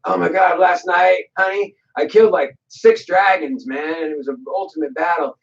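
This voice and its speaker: A man acting out the hero Hercules as a brash, excited boaster bragging loudly. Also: a little high, quick pace, recorded from a distance, highs cut off, pitched above the performer's own voice, close to an everyday voice. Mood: boastful.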